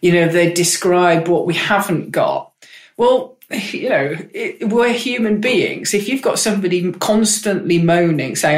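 A woman's voice: on the low side, expressive, a little slow. An upbeat, chatty woman, speaking as a politician guest on an interview. She talks with eager conviction in a roomy office. The room gives her voice a noticeable echo. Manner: enthusiastic, chatty, upbeat advocate. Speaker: member of parliament, guest. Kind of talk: candid conversational interview.

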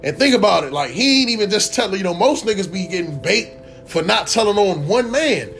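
A young man rants casually to his viewers, profane and rambling, swinging between mutters and loud bursts. His voice sits a little high for a man. Faint music plays behind him. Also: lively intonation, a little fast, creaky. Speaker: vlogger. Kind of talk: casual rant to camera.

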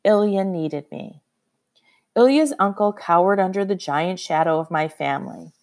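A woman narrating a historical story in the first person, expressive and measured. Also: lowish voice. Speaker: audiobook narrator.

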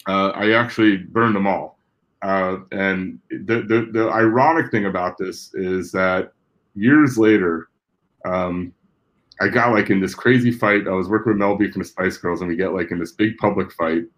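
A man's voice: sits low, steady tone, normal speed, low-quality recording. A middle-aged man from New Jersey, a guest telling stories in a casual way. He talks with animation, swears freely and acts out the people in his stories. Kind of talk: casual anecdotal storytelling.

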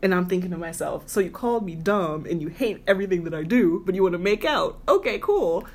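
A woman in casual podcast chat, telling a dating story in an animated way and mimicking the voices of the people in it. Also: fairly low pitch, fairly quick. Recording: clear background noise.

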